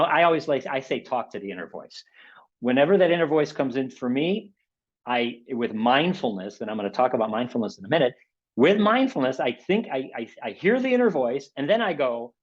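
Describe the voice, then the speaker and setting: Man, webinar presenter, conversational, checks in with listeners, mid pitch, slightly muffled call audio. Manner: conversational, keeps checking in with "okay?" and "right?"; acts out inner voices in a raised voice. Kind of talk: motivational webinar talk.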